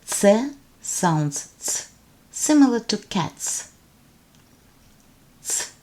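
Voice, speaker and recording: A woman teaching alphabet pronunciation, speaking deliberately and enunciating each sound so it can be repeated. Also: on the low side, lively intonation, dark tone. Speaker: language teacher. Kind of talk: slow instructional narration.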